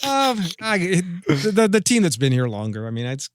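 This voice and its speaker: A man with a slightly raised voice tells a story with animated, stop-and-start energy. The mic is close and dry, with no room around him. He talks like a guest in a relaxed chat. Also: on the high side, normal speed, no room sound. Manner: animated storyteller with many restarts. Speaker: guest radio host.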